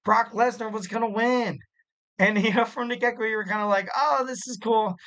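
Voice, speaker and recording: A young man hosting a wrestling podcast solo, talking casually in a rambling, animated way with frequent laughs. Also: sits high, a little fast, rough recording. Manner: rambling and animated, full of "like" and "you know", laughs a lot.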